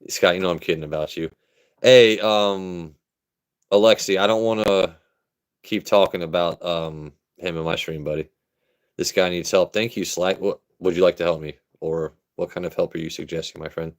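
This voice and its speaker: Low-pitched and moderately paced, this Maryland livestream host is a young man who keeps things casual. He's profane and lively, reading messages and talking straight to his chat.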